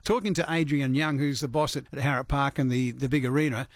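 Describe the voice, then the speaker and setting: A man's voice: mid-range voice, fast, dry recording. A man hosting a radio interview, upbeat and chatty. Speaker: radio host.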